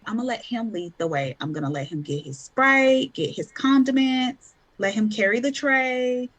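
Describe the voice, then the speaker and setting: A woman, a podcast guest and mother, telling stories in a casual, animated way, acting out quotes with bursts of laughter. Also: a little high, normal speed, no room sound. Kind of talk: casual conversational storytelling.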